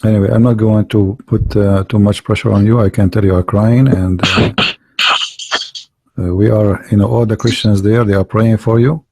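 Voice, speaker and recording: Gravelly man hosting a debate call. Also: lowish voice, steady tone, moderate pace, a little mellow, no room sound. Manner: hesitant, repeats words, confrontational. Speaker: online debate host.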